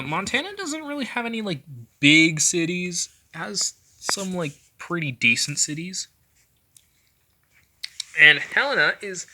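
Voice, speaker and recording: Young man, very bright voice, slightly high, rambling casual commentary, lots of fillers. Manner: rambling, filler-heavy, self-correcting. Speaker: vlogger.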